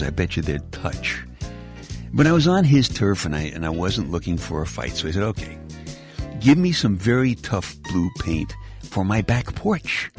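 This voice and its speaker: Older New host, deep and animated, telling wry rambling stories over soft music. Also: male voice. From Brooklyn. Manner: folksy, rambling, wry humor. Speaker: podcast host. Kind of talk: bedtime storytelling monologue.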